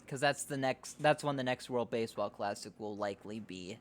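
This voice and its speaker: A man's voice: lowish voice, brisk. A man hosting a podcast in a loose, rambling chat, swearing and laughing easily. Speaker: podcast host. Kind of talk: casual chat.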